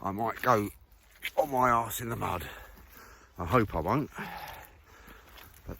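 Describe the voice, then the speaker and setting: A man's voice: lowish voice, takes it slowly, gravelly, long pauses, bright, forceful tone, slight background noise. Man rambling on a country walk. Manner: rambling, many fillers, thinking aloud. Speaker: vlogger. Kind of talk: casual walking monologue. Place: outdoors on a muddy countryside walk.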